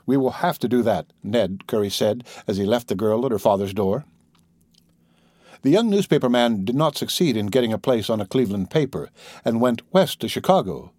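A man narrating an audiobook in a measured, even reading style. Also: lowish voice, no room sound, studio quality. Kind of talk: scripted narration.

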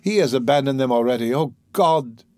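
A man's voice: medium pitch, normal speed, no echo, natural voice. A man reading aloud, voicing a devout young woman who pleads with tearful urgency. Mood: anguished. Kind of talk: audiobook reading.

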